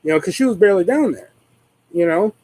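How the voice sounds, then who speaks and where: A man's voice: sits high, lively intonation, fast talker, a little mellow, no room sound, rough recording. A man hosting a live stream, chatting casually in a rambling way and swearing constantly.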